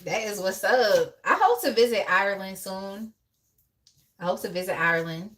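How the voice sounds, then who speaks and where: A woman's voice: mid-range voice, expressive, normal speed, fairly bright tone. A young woman hosting a casual live tarot reading, chatty and laughing often as she talks to viewers in the chat by name. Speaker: tarot reader on a live stream.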